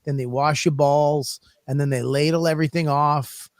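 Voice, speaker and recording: A man's voice: a little high, steady tone, moderate pace, no echo, clean studio sound. A man co-hosting a podcast, telling crude stories in a rambling, profane way. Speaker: podcast co-host. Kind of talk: casual comedic chat.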